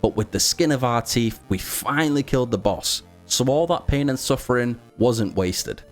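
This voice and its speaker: A man narrating a game recap in a scripted voice-over, wry and a touch sarcastic as he tells it. His voice sits at an ordinary pitch for a man, with quiet music playing underneath. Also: animated, normal speed. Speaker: gaming video creator.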